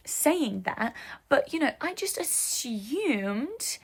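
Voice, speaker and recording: A woman's voice: sits high, sing-song, slow pace, husky. A young woman vlogging in a casual, gushing way, full of "like" and fond asides. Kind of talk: casual chat.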